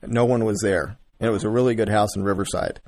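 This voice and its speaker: A man hosting a casual chat about property auctions, relaxed and often chuckling as he tells stories. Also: lowish voice, fast, no room sound. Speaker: real estate investor, host.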